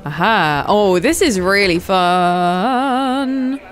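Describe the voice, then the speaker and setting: A woman's voice: medium pitch, lively intonation, very slow. A young woman giving casual gameplay commentary, gushing and cooing over the animals. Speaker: gaming video host.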